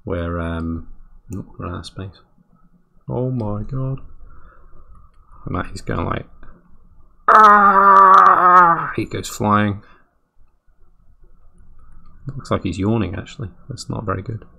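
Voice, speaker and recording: A man's voice: sits low, steady tone, unhurried, gravelly, pauses often, husky. A man streaming while he draws, chatting in a rambling, dry way and often cutting himself off. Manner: rambling, self-interrupting, dry. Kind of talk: casual chat while drawing.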